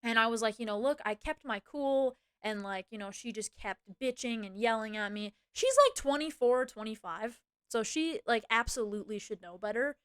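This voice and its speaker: A young woman with a fairly high voice vents to her stream chat about a fight at work. She talks casually, swears a lot, and fills her speech with "like" and "you know". She speeds up in quick bursts when she quotes what she said. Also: clear, resonant tone, no echo, studio quality. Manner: swears freely, many fillers like "like" and "you know"; animated, quick bursts when quoting herself. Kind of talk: casual storytelling rant to chat.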